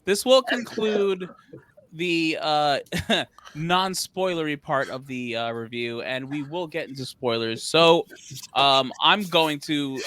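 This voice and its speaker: High bright guy running a movie podcast, loose and laughy, swears a lot. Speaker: podcast host. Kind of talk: casual movie reaction chat.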